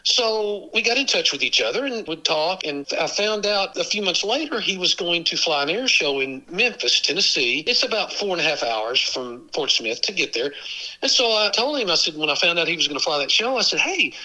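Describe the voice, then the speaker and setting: A man, a podcast guest telling stories and acting out the dialogue with lively jumps in pitch. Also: fairly quick, rough recording. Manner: animated, acts out quoted dialogue with big pitch jumps. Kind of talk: storytelling in an interview.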